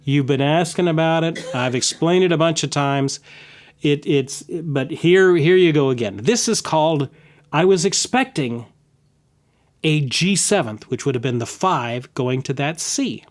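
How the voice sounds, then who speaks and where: A man's voice: fairly high pitch, unhurried. A man teaching a guitar lesson in a casual way, explaining chord substitutions and humming the changes as he plays. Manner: casual, hums and scats the chords while playing. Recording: guitar playing loudly underneath. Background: acoustic guitar.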